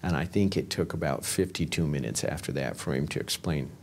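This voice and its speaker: A man's voice: very deep voice, fairly quick, heavy background noise. A man who worked as a police investigator, telling his story in an interview in a plain-spoken way and often retelling what was said. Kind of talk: interview recollection. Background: documentary music.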